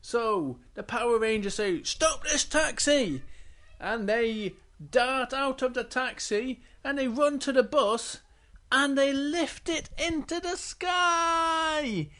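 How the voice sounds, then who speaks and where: A man's voice: very high-pitched, steady tone, slow, pushed and bright. A father playfully improvising a bedtime story for his child, stopping to ask the child questions.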